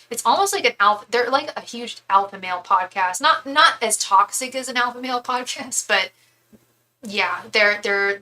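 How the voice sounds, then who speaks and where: A woman's voice: mid-range voice, pushed and bright, a little hiss or hum, low-quality recording. A young woman giving a casual live tarot reading, chatty and candid, thinking aloud with frequent restarts. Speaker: tarot reader.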